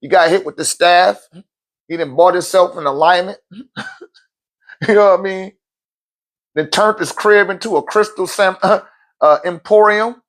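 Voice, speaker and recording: A man's voice: high-pitched, unhurried, pauses often, fairly bright tone. A man who is a spiritual teacher and event host, giving a casual motivational talk, cursing freely, laughing often and restarting phrases as he goes. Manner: profane, emphatic, laughs often; repeats words while restarting phrases.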